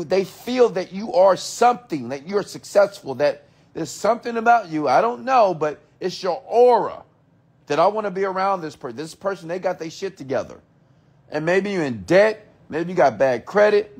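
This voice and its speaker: A motivational speaker with a high-pitched, slightly rough voice rants emphatically. He repeats himself, asks rhetorical questions, and swears in a casual way.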